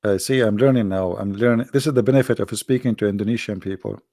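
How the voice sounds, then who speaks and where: A livestream host sits behind his computer at home, casually chatting and answering viewer questions in a teasing way, laughing often. His voice is hoarse and gravelly, fairly low and dark, strained and broken by coughing, and he talks fast. The studio-quality audio has no echo.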